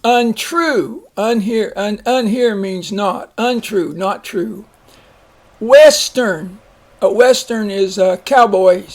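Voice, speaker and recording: A man teaching a phonics lesson, slowly reading words, splitting syllables and giving example sentences. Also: sits high. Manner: slow, deliberate, repeats each word and splits syllables.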